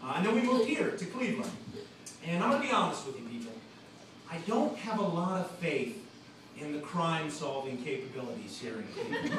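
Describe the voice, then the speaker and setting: A male comedian works an open mic stage with a high, lively voice that leaps between registers and bursts out loud on the punchlines. He's picked up from a distance in a very echoey supper club. Room noise and laughter sit clearly behind him. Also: a little fast. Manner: animated, punchy delivery with sudden loud outbursts. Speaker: stand-up comedian. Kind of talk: open mic stand-up set. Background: audience laughter and club ambience.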